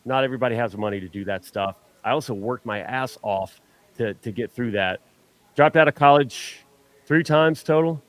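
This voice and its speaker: A man's voice: mid-range voice, normal speed, dry recording. A man chatting casually as a guest on a fan show, rambling and joking at his own expense, often restarting his sentences. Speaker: superfan guest. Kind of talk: casual chat.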